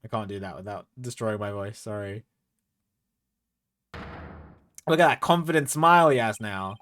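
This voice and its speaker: A man's voice: lowish voice, measured pace, long pauses, a bit bright, slight background noise. A man casually commenting and reading aloud while streaming a game, with wry joking asides. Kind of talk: casual let's-play commentary.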